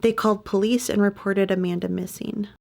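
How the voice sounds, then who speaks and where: A woman reads true-crime narration in her own podcast, pausing for sympathetic asides. Her voice carries steady vocal fry and sits in a middle range. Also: medium pitch. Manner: adds sympathetic personal asides. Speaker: podcast host.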